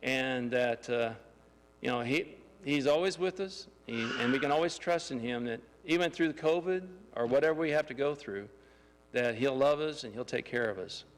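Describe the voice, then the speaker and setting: A man telling a lively testimony story in a church, excitable and laughing as he acts out the scenes. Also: medium pitch, normal speed, in a large hall, a little hiss or hum. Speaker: church member giving a testimony. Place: church sanctuary.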